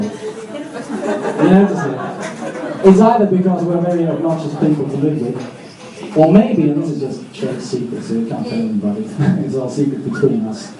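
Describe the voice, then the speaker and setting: Self-mocking stand-up comic in a club. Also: male voice, on the high side. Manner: rambling, deadpan asides, self-mocking. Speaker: stand-up comedian. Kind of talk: live stand-up set. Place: comedy club stage. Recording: echoey club, distant mic, audience.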